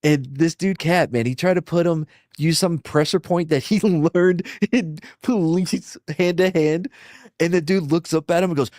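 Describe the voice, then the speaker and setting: Profane man telling animated stories. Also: on the high side, normal speed, dry recording, clean studio sound. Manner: profane, animated anecdotes with acted quotes. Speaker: podcast host. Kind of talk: casual storytelling.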